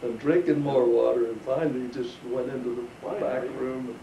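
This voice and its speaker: A man's voice: medium pitch, fairly even intonation, fairly quick, a crowd in the background. An older man telling a chuckling, folksy story from his life to family. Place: living room with family listening. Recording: roomy home recording, distant mic, faint hiss.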